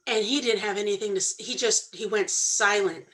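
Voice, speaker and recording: A woman candidly telling her own story on a talk show, earnest and animated when she quotes others. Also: mid-range voice, normal speed, rough recording. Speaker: podcast co-host sharing her story.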